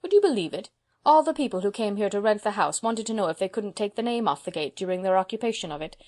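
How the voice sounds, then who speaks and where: A woman voicing a proud, brisk spinster of seventy, speaking emphatically and sternly. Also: mid-range voice, animated, warm tone, natural voice.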